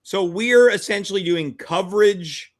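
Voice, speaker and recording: A man's voice: sits high, unhurried. A man hosting a casual chat show, joking and teasing his guests. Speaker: podcast host.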